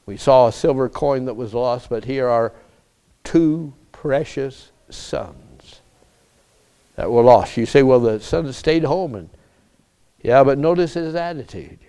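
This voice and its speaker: A man preaching a sermon as pastor, emphatic, with repeated rhetorical questions and drawn-out phrases. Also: mid-range voice, dark tone, smooth.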